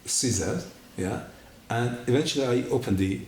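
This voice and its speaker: Animated man telling his story. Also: normal speed. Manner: animated storytelling, acting out quotes with big pitch jumps. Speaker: guest giving a testimony. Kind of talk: personal testimony story. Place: church. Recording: echoey church hall, faint noise.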